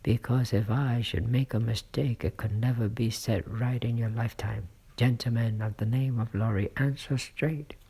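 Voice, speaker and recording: A man voicing a gruff, armed coach guard who barks threats. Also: medium pitch, fairly even intonation, normal speed, few pauses, pitched above the performer's own voice. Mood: stern. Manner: barking, threatening shouts.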